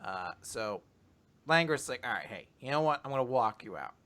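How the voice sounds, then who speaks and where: A young man casually chatting as a podcast co-host, rambling through summaries and slipping into animated quoted voices. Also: medium pitch, normal speed. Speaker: podcast co-host recapping manga. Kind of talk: casual chat.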